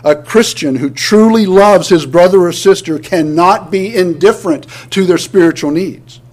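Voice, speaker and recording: A man's voice: high-pitched, normal speed, darkish tone. A male pastor preaching a sermon, earnest, often restarting words and building to emphatic points.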